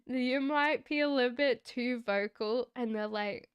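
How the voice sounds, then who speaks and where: A woman doing a live-stream tarot reading, talking in a slow, reflective, chatty way and giggling now and then. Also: on the high side, smooth, dry recording, dull audio. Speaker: tarot reader.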